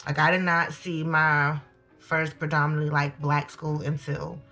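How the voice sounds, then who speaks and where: A young woman, chatting to viewers as she tells a lively storytime. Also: low-pitched, a little slow, faint music behind. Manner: animated, chatty, addresses viewers as y'all. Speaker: storytime vlogger. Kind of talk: casual storytelling to camera.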